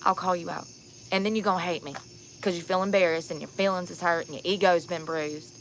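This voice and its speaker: A woman's voice: lowish voice, fairly even intonation, fast, slight background noise. A tired, sunburnt woman vlogging outdoors at night, telling stories bluntly and candidly and laughing often. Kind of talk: casual outdoor storytelling vlog.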